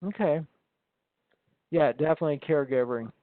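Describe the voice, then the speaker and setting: A man with a slightly raised pitch talks casually over a tinny, phone-like call. He rambles through his stories, full of ums and false starts. The sound is dry and close, with no room around it. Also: normal speed, no room sound. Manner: rambling storyteller, many ums and restarts. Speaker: instructor. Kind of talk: casual conversation.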